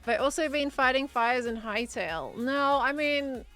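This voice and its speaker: A woman's voice: high-pitched, normal speed, a bit bright, soft background music. A woman streaming a building game, chatting casually and reading out chat messages as she plays. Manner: chatty, reads out chat messages and muses aloud while building. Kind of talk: casual live-stream chat while gaming.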